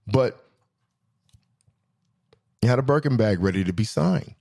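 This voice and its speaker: A man hosting his own show, telling stories in a slangy, animated way, swinging between excited high bits and low asides. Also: measured pace, vocal fry. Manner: slangy, swearing, self-correcting. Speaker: podcast host. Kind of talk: casual storytelling monologue.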